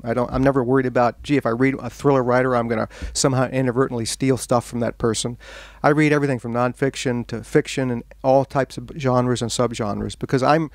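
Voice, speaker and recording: A man speaks at a bookstore event, telling a funny story to a gathered audience with lively, animated delivery. His voice sits at an ordinary middle pitch. The mic sound is dry and close, with little room echo. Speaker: author at a bookstore talk.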